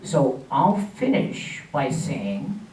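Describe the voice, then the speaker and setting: A man's voice: a little high, sing-song, drawn-out words, darkish tone, slight background noise. A man giving a community talk with slides, telling family history in a chatty way with hesitations and small laughs. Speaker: guest speaker. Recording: echoey room mic from a distance.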